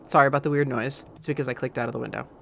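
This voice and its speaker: Game streamer, casual let's-play commentary, hesitant, lots of fillers, middle pitch, faint background noise. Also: steady tone, rapid-fire, creaky, a bit bright. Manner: rambling, hesitant, many fillers.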